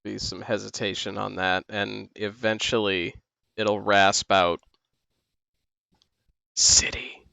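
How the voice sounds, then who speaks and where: Bright-voiced, unhurried male game master. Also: fairly low pitch, little pitch movement, gravelly, smooth, no room sound. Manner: hesitant, laughs a lot. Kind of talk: running a tabletop game, casual.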